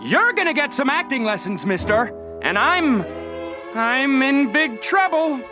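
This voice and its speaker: An actor playing a manic, theatrical male cartoon superhero who shouts his lines. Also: very high voice, very animated, measured pace, loud music behind the voice, heavily acted. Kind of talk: cartoon voice acting.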